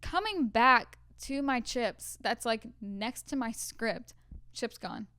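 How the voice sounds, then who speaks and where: A woman's voice: a little high, animated, slow pace, sharp tone, clean tone, dry recording, studio quality. A young woman co-hosting a podcast, telling stories from a film set in casual chat, full of "like" fillers. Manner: chatty storyteller, many "like" fillers. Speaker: podcast co-host.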